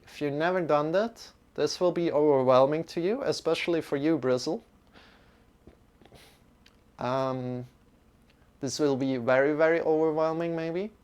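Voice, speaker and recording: Slow, hesitant male yoga teacher. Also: fairly high pitch, darkish tone, smooth. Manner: rambling, hesitant, many restarts and fillers. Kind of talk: live-streamed yoga class talk.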